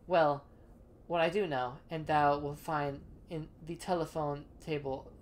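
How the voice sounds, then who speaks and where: A woman voicing a stiff, old-fashioned landlord who speaks slowly in archaic, formal words. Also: deep voice, steady tone.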